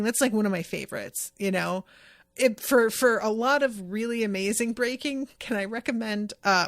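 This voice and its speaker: A woman hosting a podcast, chatting about an anime episode she just watched. She rambles with lots of fillers and side notes at a middling pitch, and the recording is dry and close. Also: no room sound. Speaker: podcast host. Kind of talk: casual chat recapping an anime episode.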